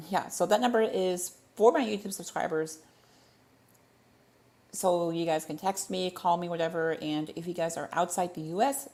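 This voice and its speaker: A woman with a slightly low voice chats through a livestream Q&A. She rambles, stumbles over her words and corrects herself as she goes. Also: darkish tone. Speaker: livestream host. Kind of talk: casual livestream Q&A chat.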